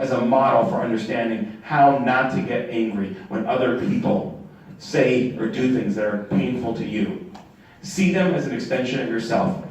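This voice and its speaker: A man giving a sermon as a rabbi, telling stories and acting out the people in them with lively swings in voice. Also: mid-range voice, slight background noise. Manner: animated storytelling, acting out quoted characters. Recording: echoey room from a distant mic.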